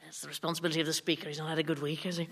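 A woman's voice: low voice, flat delivery, very fast, gravelly. A woman hosting a radio comedy panel quiz, wry and often laughing as she speaks. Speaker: quiz show host. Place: radio studio before a live audience. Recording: studio audience laughter and noise.

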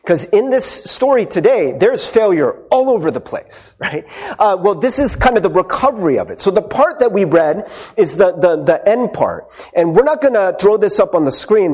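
High, lively husky male pastor. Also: moderate pace. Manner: tags many sentences with "right?"; acts out quoted speech in character. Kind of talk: conversational sermon.

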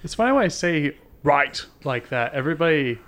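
A man's voice: on the high side, big pitch swings, fast talker, fairly bright tone. A man hosting a podcast, chatting casually and laughing easily with his co-hosts. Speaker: podcast host. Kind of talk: casual chat.

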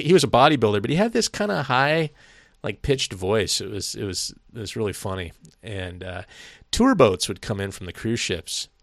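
A middle-aged man with a low-pitched voice rambles through a story in casual podcast chat. He swears freely and laughs often. The sound is dry and close, with no room echo. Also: vocal fry, fairly bright tone. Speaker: podcast co-host.

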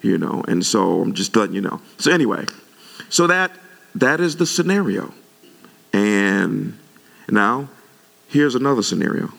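Preaching a sermon a little slowly and pausing often, this pastor has a deep, heavily gravelly voice with rough edges. He's animated, and his pitch shoots upward as his passion rises.

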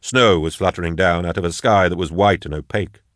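Male narrator, low voice, measured reading, dry studio sound. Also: a bit bright, no echo. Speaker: audiobook narrator. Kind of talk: scripted narration.

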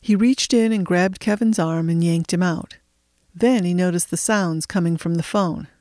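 Woman reading an audiobook, lowish voice, steady, dry close mic. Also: normal speed, dry recording. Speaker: narrator. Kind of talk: audiobook narration.

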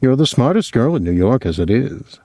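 A slightly drunk young husband, pleading and reproachful, as a male narrator puts him on. His voice is mellow and lively, in a dry, close recording. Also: mid-range voice, moderate pace, no room sound. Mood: hurt. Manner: wheedling, reproachful.

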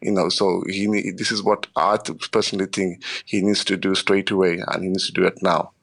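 Low gravelly halting working father. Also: level tone, a bit bright. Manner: halting, repeats words, many "you know" fillers. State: emotional, strained. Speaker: interviewee, working parent. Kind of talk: emotional radio interview.

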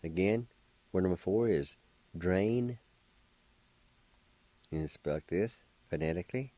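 A man's voice: low voice, unhurried, long pauses, warm tone, dry recording, poor audio. A middle-aged man, patiently spelling and pronouncing words as a radio language teacher. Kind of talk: slow spelling and pronunciation lesson.

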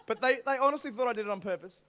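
A young man preaching to a youth group through animated personal stories, acting out voices and now and then bursting into shouts. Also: very high voice, very fast. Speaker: youth speaker. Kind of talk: storytelling youth sermon.

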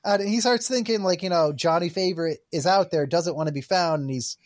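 A man's voice: sits high, fairly quick. Rambling casual male podcast host. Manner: rambling, filler-heavy recap. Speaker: podcast co-host reviewing a film. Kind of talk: casual chat.

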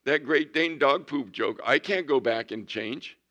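Man in his 60s, pastor, folksy sermon, bright forceful tone, loud-then-hushed delivery. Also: mid-range voice, a little slow, highs cut off.

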